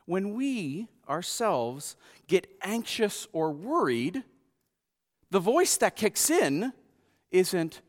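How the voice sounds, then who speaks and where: A man preaching a sermon in a slow, unhurried way, his pitch rising and falling with great life. He acts out the quotes, hushed one moment and loud the next. His voice rings with the long reverb of a church hall. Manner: expressive, acts out quotes softly and loudly. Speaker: pastor.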